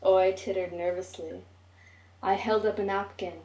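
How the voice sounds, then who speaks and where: A woman's voice: mid-range voice, flat delivery, unhurried, mellow. Woman reading a story from afar. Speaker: reader. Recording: roomy, distant mic.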